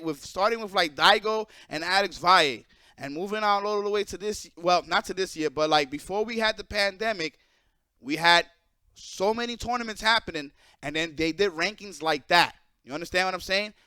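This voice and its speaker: A young man with a very high, bright voice rants to his viewers in a blunt, profane, animated way. The sound is dry and close, with no room echo. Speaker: esports player and streamer. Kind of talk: casual ranting monologue to viewers.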